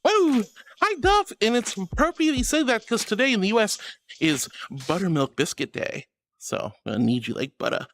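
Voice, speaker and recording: A man's voice: high-pitched, very animated, moderate pace, a bit bright. A man streaming as a VTuber, reading chat aloud and answering viewers with affectionate pet names and giggles. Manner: affectionate, calls viewers darling and sweetheart.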